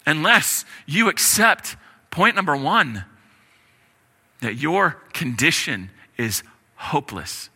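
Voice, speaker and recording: A man preaching a sermon as pastor, emphatic, with repetition and dramatic pauses. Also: high voice, sharp tone, long reverb tail.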